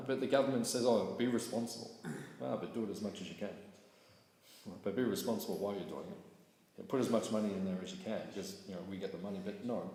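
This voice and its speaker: Male class teacher, lowish voice, chatty delivery, long hall echo, faint hiss. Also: darkish tone. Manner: conversational, keeps asking "right?". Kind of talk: casual scripture class talk. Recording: echoey hall with faint noise.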